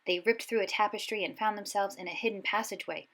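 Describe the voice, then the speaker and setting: A woman reading a children's storybook aloud, expressive and giving each character a voice. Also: mid-range voice, fairly quick, few pauses, rough recording. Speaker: audiobook reader.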